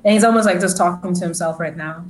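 A woman's voice: on the low side, quick pace, crowd noise, low-quality recording. Chatty woman running a tabletop game. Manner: chatty, full of "like" and restarts. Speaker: game master.

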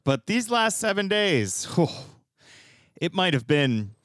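Playful man with a lively voice. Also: high-pitched, slow, no room sound, clean studio sound. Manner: playful, laughs often. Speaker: podcast co-host. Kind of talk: casual chat.

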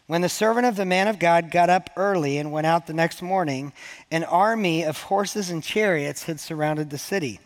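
A man's voice: on the high side, moderate pace. A man preaching a sermon to his church in a conversational, joking way, acting out the quoted lines. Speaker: pastor.

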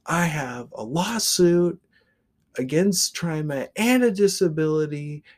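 A man voicing a combative barefoot man on a crutch who rants and yells. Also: fairly high pitch, animated, takes it slowly, voice pushed up. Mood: raging. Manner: yelling, ranting tirade.

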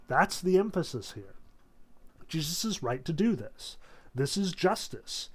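A man giving a casual spoken talk on the Bible as a Protestant, chatty and full of "like", acting out scripture in quick asides. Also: fairly high pitch, big pitch swings. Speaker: Protestant speaker on theology.

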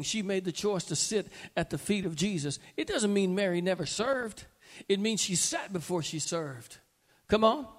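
A man preaching a sermon to a congregation in a church hall, impassioned and building to emphatic peaks. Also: sits high. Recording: echoey hall with long reverb.

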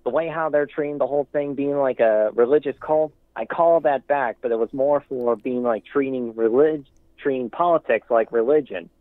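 A man's voice: medium pitch, moderate pace, no room sound. Man ranting over a tinny phone line. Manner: rambling, many restarts, emphatic warnings. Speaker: caller. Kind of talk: casual call-in commentary.

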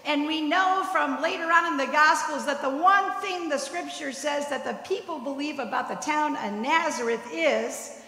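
Woman preacher with a high, bright voice who tells stories and checks in with "right?", heard in a reverberant hall. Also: moderate pace. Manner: storytelling, tagging points with "right?". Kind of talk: sermon. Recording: echoey hall with long reverb.

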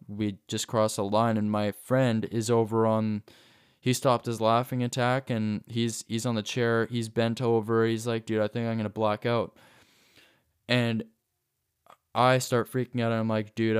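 A man's voice: on the low side, smooth. A young man telling a personal story casually, rambling with many restarts and fillers.

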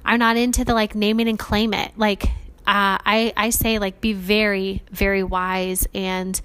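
A woman's voice: medium pitch, flat delivery, unhurried, a bit bright, smooth. A woman in the middle of her range talks through a personal faith story on her podcast. She is earnest and chatty, with loose fillers and asides to her listeners. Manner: earnest, chatty, many fillers like "like" and "you guys". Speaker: podcast host.

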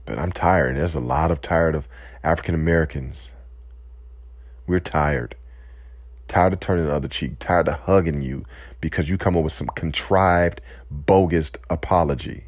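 A man giving an impassioned, emotional speech, weary and close to tears, pausing to collect himself. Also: rumbling low, no room sound. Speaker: speaker addressing listeners.

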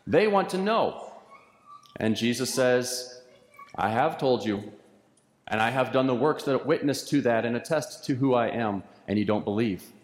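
Male pastor, mid-pitched, earnest preaching cadence, recorded in an echoey sanctuary. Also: moderate pace. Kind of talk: sermon. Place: church sanctuary. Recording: echoey church hall with long reverb.

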